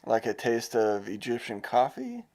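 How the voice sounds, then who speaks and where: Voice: medium pitch, big pitch swings, unhurried, dark tone. A co-host of a casual travel podcast, telling stories in a rambling way and hedging often. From United States. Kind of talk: casual chat.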